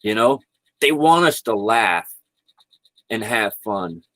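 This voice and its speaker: Rambling man, low and dry. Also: expressive, slow pace, pushed and bright, no echo, poor audio. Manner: rambling, laid-back, laughs often. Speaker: vlogger. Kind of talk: casual spiritual livestream chat. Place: indoors at home, speaking into a computer. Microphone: computer microphone.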